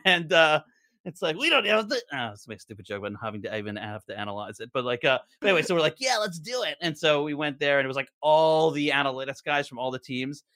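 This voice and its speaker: As a guest on a podcast, a young adult man who co-created a show rambles through stories in casual chat, with lots of fillers and restarts. His mid-range voice moves quickly and sounds fairly bright, recorded in studio quality with no echo.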